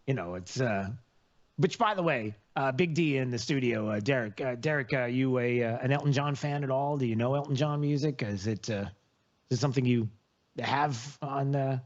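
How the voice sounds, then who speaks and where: A man's voice: mid-range voice, brisk. A man hosting a radio talk show, chatting casually and rambling with plenty of filler words. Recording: lo-fi radio broadcast.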